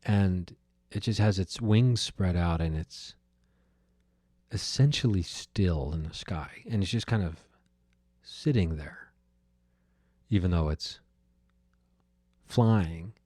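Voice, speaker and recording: A low-voiced man talks through a personal story on his podcast, musing and circling back with fillers and restarts. His tone is mellow and dark. The sound is dry and close, with no room around it. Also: slow pace, long pauses, dry recording. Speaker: podcast host. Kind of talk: reflective solo monologue.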